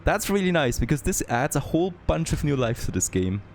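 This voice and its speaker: A man who is not a native English speaker, thinking aloud and getting excited as he comments on a city-building game. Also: on the high side, a little fast, slight background noise. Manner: thinking aloud, easily excited, frequent "there you go". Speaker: gameplay commentator. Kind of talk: let's play commentary.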